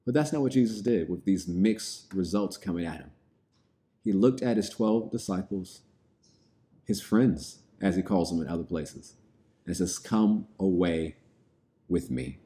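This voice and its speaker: A man's voice: sits low, lively intonation, normal speed, dark tone. A man preaching a sermon, reading scripture aloud and then explaining it in plain, everyday words.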